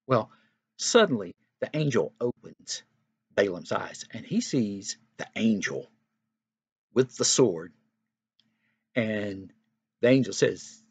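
A man's voice: fairly low pitch, sing-song, slow pace, long pauses, husky. A man teaching Sunday school, telling a Bible story to young children in a casual, conversational way. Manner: casual and conversational, often begins with "well".

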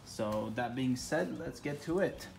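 A casual man talks through his car project in a relaxed vlog voice at an ordinary pitch. The sound carries a roomy echo, and faint music runs in the background. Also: measured pace, vocal fry. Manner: chatty, loose, talks to his dog between remarks. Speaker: car vlogger.

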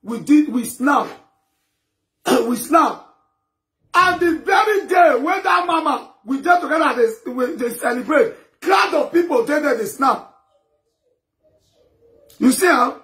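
A man with a Nigerian Pidgin accent ranting emphatically to camera, often breaking into shouts. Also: extremely high pitch, animated, takes it slowly, pauses often. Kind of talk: impassioned rant to camera.

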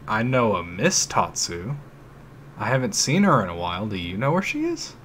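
Guy doing a stoic yakuza hero, lower and quieter, flat. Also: moderate pace, a little hiss or hum.

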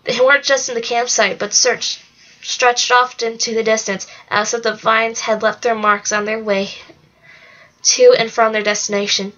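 A woman reads a novel aloud in a fairly high voice, keeping a steady pace and now and then stumbling and correcting herself. The home recording is dull and lo-fi. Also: normal speed. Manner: steady reading with occasional slips and self-corrections. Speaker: narrator.

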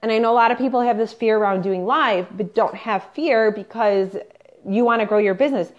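A woman's voice: mid-range voice, fairly quick. A woman business coach on an unscripted live stream, chatty and pushy, peppering her talk with "like" and "you guys". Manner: upbeat and pushy, coaching the viewers directly. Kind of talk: unscripted Facebook live training. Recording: slightly dull lo-fi livestream audio.

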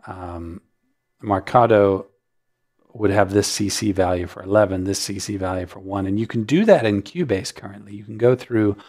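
A man hosting a music notation software tutorial, explaining settings in a relaxed way with frequent ums. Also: fairly low pitch, normal speed. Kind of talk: screen-recorded software tutorial.

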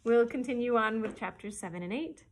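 A woman librarian reading a children's chapter book aloud in a gentle storytelling manner. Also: a little high, lively intonation, fairly quick, a little hiss or hum, low-quality recording.

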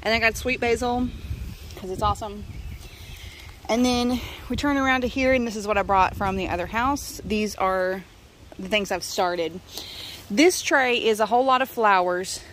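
A woman's voice: medium pitch, normal speed, fairly bright tone. Chatty woman touring her garden outdoors. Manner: chatty, enthusiastic, lists plants as she goes. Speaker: gardening vlogger. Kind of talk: casual garden tour vlog. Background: faint wind and outdoor noise.

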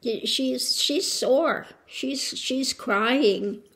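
Slow-talking woman cooing gently. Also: high voice. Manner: rambling, soft, coos to her pets. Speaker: spiritual tarot channel host. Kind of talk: casual home update. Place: home.

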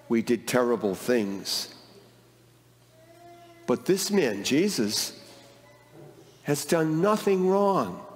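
A priest leading a mass, explaining the gospel slowly and gently to children. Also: male voice, medium pitch. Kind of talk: mass with gospel reading and teaching. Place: church. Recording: long church reverb with music.

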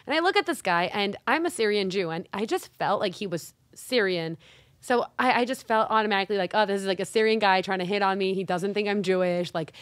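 Fast, lively young woman storyteller. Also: medium pitch, no echo. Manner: lively storyteller acting out quoted voices. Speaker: podcast co-host. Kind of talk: casual chat, storytelling.

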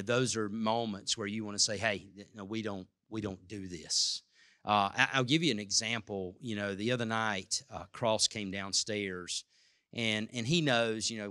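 Bright-voiced pastor, casual and rambling. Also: male voice, fairly low pitch, smooth, no echo, clean studio sound. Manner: casual, storytelling with many restarts. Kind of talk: conversational sermon.

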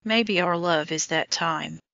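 A woman voicing an anxious, torn young woman in an audiobook romance, speaking in a hesitant, gentle way. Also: lowish voice, takes it slowly, gravelly, dry recording, full character voice. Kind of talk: audiobook dialogue reading. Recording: dull lo-fi audio.

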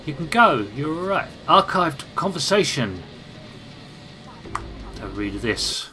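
A man's voice: on the high side, sing-song, slow, pauses often, pushed and bright, soft background music. A British man giving casual let's-play commentary, chatting and thinking aloud as he plays and reading game text aloud. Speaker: gaming channel host.

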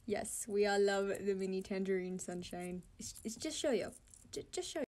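A woman's voice: mid-range voice, expressive, normal speed, a little mellow, slight background noise. A tired woman giving casual commentary on comic dubs, laughing often, swearing and tripping over her words. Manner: giggly, swears freely, stumbles over words. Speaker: comic dubber.

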